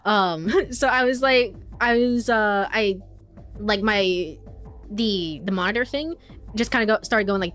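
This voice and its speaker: A woman's voice: mid-range voice, brisk, fairly bright tone. A young woman game streamer chatting casually while reading a visual novel aloud, rambling with lots of fillers and giggles.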